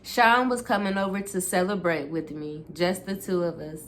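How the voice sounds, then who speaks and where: A woman's voice: fairly low pitch, steady tone, moderate pace, a little hiss or hum. A woman reading a memoir aloud in a casual way, stopping now and then to correct herself and reread.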